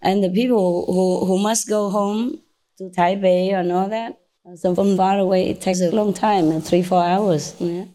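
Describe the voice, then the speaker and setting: Woman, Vietnamese accent, spiritual teacher, informal talk to disciples, mellow voice, teasing, tag questions. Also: medium pitch, steady tone, measured pace.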